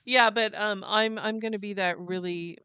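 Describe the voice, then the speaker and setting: A woman's voice: mid-range voice, steady tone, moderate pace, bright, forceful tone, smooth, no echo. A middle-aged American woman co-hosting a casual podcast chat, talking loosely with fillers and restarts. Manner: chatty, trails off with fillers and restarts. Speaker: podcast co-host, mother.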